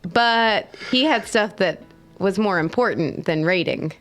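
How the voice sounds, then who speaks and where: A woman's voice: mid-range voice, measured pace, fairly bright tone, soft background music. A woman co-hosting a live stream show in casual chat, playful and teasing, laughing often.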